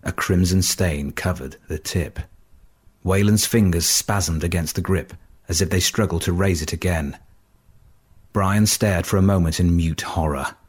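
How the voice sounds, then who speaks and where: A man narrates a dark adventure story in a low, husky voice. He reads slowly and steadily, letting each line settle. It is a measured audiobook delivery.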